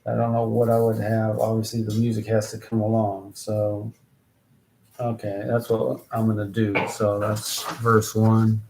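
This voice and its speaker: A man, a rapper, thinking aloud to himself in halting bursts while writing song lyrics. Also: fairly low pitch, completely flat delivery, darkish tone. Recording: roomy echo, faint background noise.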